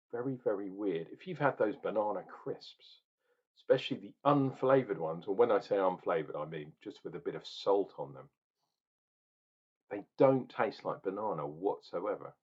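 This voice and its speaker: A husky, fairly low-voiced man talks his way through a beer tasting, rambling and chatty. His pitch swings around a lot as he addresses the viewer. The recording is dull and lo-fi. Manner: rambling, chatty, speaks straight to the viewer while sipping. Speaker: beer reviewer. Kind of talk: casual tasting vlog.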